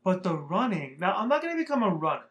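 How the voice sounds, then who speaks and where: A man's voice: sits high, sing-song, fast talker, fairly bright tone, dull audio. A young man from Southern California telling a rambling, profane story in a casual vlog. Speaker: vlogger.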